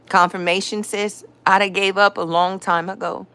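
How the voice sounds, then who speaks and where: A woman hosting her own live stream, talking casually about faith in a slangy, animated way and laughing often. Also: medium pitch, normal speed, clear, resonant tone.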